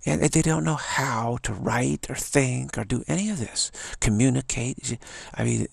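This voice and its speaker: Older male vlogger, rasping and gravelly, stammering musings, dry close recording. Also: mid-range voice, measured pace, dry recording. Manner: musing, stammering repeats, tag questions. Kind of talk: rambling spoken monologue.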